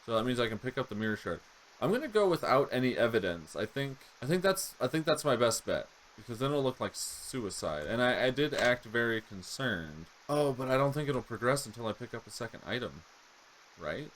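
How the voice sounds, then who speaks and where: A man's voice: medium pitch, sing-song, a little fast, a bit bright, slight background noise. A man giving casual, joking commentary as he plays a game, thinking aloud as he goes. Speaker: gameplay video host.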